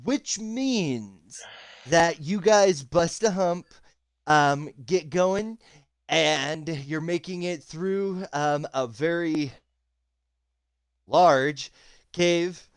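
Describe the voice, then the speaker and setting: A man's voice: a little high, drawn-out words, clear, resonant tone, no echo. A man narrating a tabletop game as game master over a voice chat, hesitant with many ums. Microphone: voice chat call.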